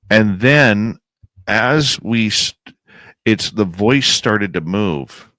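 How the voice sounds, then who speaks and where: A man telling a suspenseful outdoor experience as a guest on a podcast, animated and pausing to build suspense. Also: lowish voice, dry recording. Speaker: guest, paranormal researcher and radio host. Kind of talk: casual storytelling in a podcast interview.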